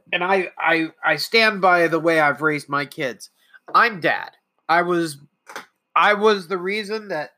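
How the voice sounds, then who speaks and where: This podcast host, a middle-aged trans woman going solo, has a bright, forceful voice on the low side. Reflecting conversationally on parenting, she frequently restarts and performs the quotes she recounts.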